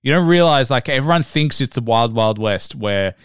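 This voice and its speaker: A man's voice: mid-range voice, animated, normal speed, smooth, dry recording, clean studio sound. A man hosting an interview, chatting casually and agreeably, often answering with short yeahs. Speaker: host.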